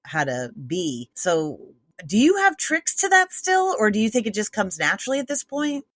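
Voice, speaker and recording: A woman's voice: mid-range voice, wildly swooping pitch, moderate pace, a bit bright, no room sound. Chatty woman host, dry sound. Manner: chatty, laughs easily, many fillers. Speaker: podcast host. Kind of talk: casual interview talk.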